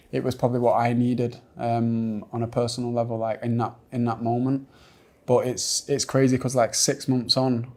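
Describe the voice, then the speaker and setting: Soft-spoken young man. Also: mid-range voice. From Manchester, England. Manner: soft-spoken and reflective, with many fillers. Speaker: footballer guest. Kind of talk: casual podcast interview.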